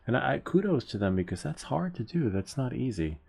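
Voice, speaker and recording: A man's voice: medium pitch, sing-song, brisk, vocal fry, a little mellow, slightly rough. A man hosting a DIY tech channel, talking in a loose, rambling way, swearing casually and laughing at himself.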